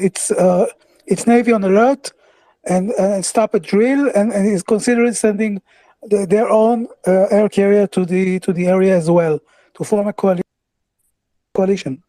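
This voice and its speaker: A host runs a live audio chat and puts a question to a caller. He stammers and repeats words, restarting his sentences. His voice is mellow and warm, recorded very dry. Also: mid-range voice, no room sound, rough recording.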